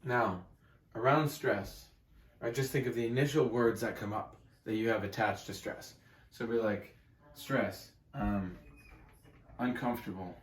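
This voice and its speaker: A man's voice: lowish voice, measured pace. Man coaching in an echoey room. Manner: conversational, emphatic, checks in with "right?". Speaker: self-help coach. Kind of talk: casual teaching to camera. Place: room with a whiteboard.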